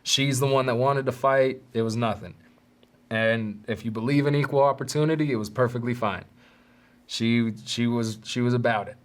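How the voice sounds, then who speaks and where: A man hosting a podcast, telling a story in a casual, animated, profane way with street slang. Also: mid-range voice, moderate pace. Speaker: podcast host.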